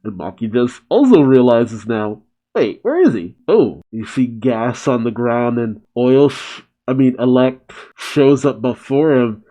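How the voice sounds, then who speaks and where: A man's voice: mid-range voice, a little slow, hardly any pauses, warm tone. A man casually recapping a comic chapter and reacting, laughing often.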